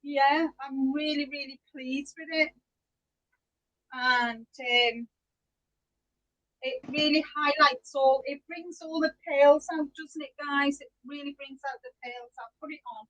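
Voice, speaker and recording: A woman's voice: high-pitched, fairly even intonation, a little slow, a bit bright, dull audio, a little hiss or hum. A middle-aged woman hosting a live knitting podcast, chatty and giggly, greeting viewers by name. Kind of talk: casual live-stream chat.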